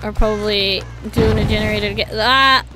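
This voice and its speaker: A young woman streaming a horror game, excitable and foul-mouthed, shouting and laughing between muttered remarks. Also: mid-range voice, moderate pace. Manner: excitable, swears a lot, shouts and laughs in bursts. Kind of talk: live gameplay commentary. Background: game music.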